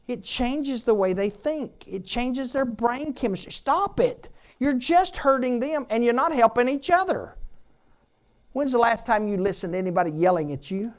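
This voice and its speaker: Lively-pitched preacher man. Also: moderate pace. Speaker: pastor. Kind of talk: sermon.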